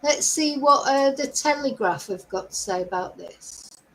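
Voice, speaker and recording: A woman talks through the news at an unhurried pace, in a high voice. She hosts a chatty live stream and keeps asking her viewers questions. She sounds middle-aged and casual. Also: expressive, rough recording. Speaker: host.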